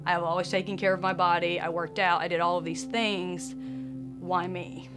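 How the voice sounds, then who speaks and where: Earnest woman sharing a lower-pitched personal testimony. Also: little pitch movement, moderate pace, music in the background. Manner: earnest and emotional, with soft laughs.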